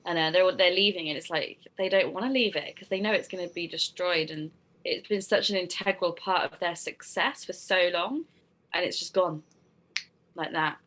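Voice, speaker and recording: Bright-voiced giggly British woman. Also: fairly low pitch, moderate pace, low-quality recording. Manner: chatty, giggly, reads trivia notes. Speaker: co-host. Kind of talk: casual podcast chat.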